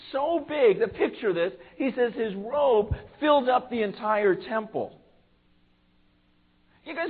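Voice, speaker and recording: Guy preaching with a pretty high voice, gets loud then goes quiet, keeps repeating himself, sounds like a phone line. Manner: fervent preaching, swings from loud to hushed; repeats words and starts lines over. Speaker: pastor. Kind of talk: sermon.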